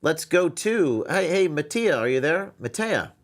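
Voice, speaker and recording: A man hosting a live call-in show, taking callers and asking short, brisk questions. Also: a little high, very animated. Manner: brisk, takes calls and asks short questions. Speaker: host.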